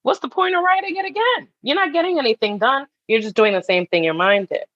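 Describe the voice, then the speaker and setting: A woman wellness coach, a guest in a casual podcast conversation, talking in an animated way, swearing freely and acting out the voices in her head. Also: high-pitched, fast talker, no room sound, highs cut off.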